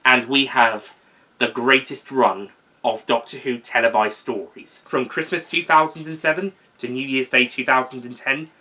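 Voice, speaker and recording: A young man talking casually in an unscripted video, rambling, correcting himself and filling pauses with um. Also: medium pitch, fairly even intonation, bright, forceful tone. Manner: rambling, with fillers and self-corrections. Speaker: video host ranking seasons.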